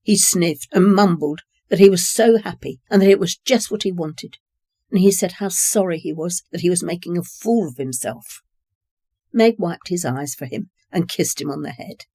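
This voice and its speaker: A calm narrator reading a short story at a measured pace. The voice is mellow and warm, recorded close and dry with no room sound. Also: medium pitch, no echo.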